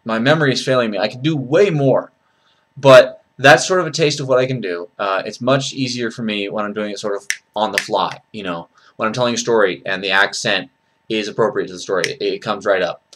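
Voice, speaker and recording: A man's voice: lowish voice, fairly quick, fairly bright tone, slight background noise. Rambling, hesitant man vlogging. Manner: rambling, hesitant, many fillers. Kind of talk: casual vlog talk.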